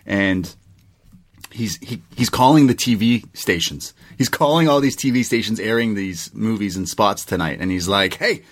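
A man's voice: fairly low pitch, normal speed. A man co-hosting a casual movie review podcast, animatedly retelling the plot with casual swearing. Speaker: podcast co-host.

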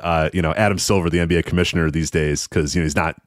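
A man co-hosting a casual podcast who talks in a lively way, laughs a lot and jumps into funny voices when he quotes people. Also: rumbling low, rapid-fire. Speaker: podcast co-host. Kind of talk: casual chat.

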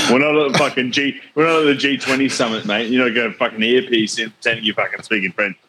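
A man's voice: mid-range voice, fairly even intonation, brisk, bright, forceful tone. A young man in casual podcast banter, swearing freely and teasing his co-host. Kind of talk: casual chat.

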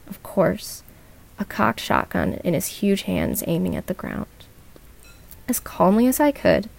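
A woman hosting a podcast, reading a true scary story aloud in a measured way with slow dramatic pauses. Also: mid-range voice, creaky, darkish tone. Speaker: podcast host and narrator.

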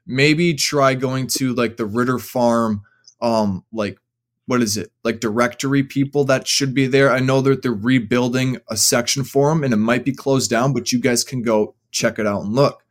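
A young man tells a long story as a podcast guest. He rambles along, packing his sentences with fillers, in a voice of ordinary middle pitch for a man. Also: fairly even intonation, moderate pace. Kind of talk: casual storytelling.

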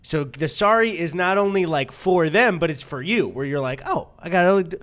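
A man's voice: fairly high pitch, normal speed. A man co-hosting a podcast in casual chat, swearing freely and jumping into goofy voices for bits. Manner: animated, swearing, slips into put-on voices for bits. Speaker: podcast co-host.

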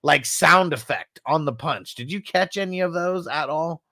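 A man's voice: a little high, animated, normal speed, sharp tone, dry recording, studio quality. A man co-hosting a casual movie review, laughing often and mimicking punch sounds. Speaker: podcast co-host.

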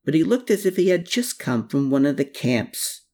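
A woman's voice: low voice, sing-song, moderate pace, dark tone, pitched above the performer's own voice, exaggerated voice. A narrator voicing a shrewd, watchful woman in an audiobook, guarded and probing. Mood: worried, secretive. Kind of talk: audiobook character voice.

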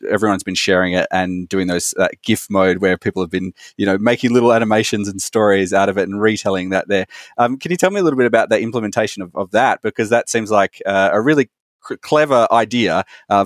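A man's voice: lowish voice, dry recording, clean studio sound. A man hosting a podcast interview, asking long, rambling questions. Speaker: podcast host.

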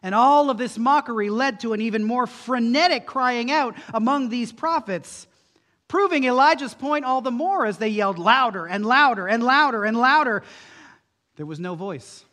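A man's voice: very high-pitched, lively intonation, moderate pace, bright, forceful tone. A man preaching an emphatic sermon as a pastor, using rhetorical questions. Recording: long hall reverb.

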